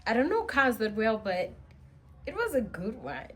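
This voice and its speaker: A woman telling a personal story as a vlogger, chatty and expressive with many asides. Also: a little high, moderate pace. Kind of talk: storytime monologue.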